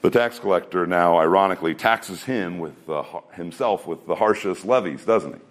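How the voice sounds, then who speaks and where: A man's voice: sits low, moderate pace. A man preaching a sermon in an earnest voice, asking rhetorical questions and shifting his pace. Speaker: pastor.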